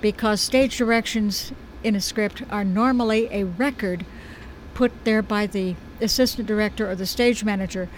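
A woman's voice: mid-range voice, steady tone, normal speed, a little hiss or hum, poor audio. Chatty American woman director. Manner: chatty, thoughtful, gently humorous. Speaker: stage director. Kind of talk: conversational interview.

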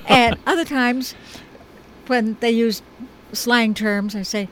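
An American woman, a stage director, talking through her production in a thoughtful, chatty interview with a gentle humor. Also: on the high side, steady tone, slow, slight background noise, low-quality recording. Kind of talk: conversational interview.

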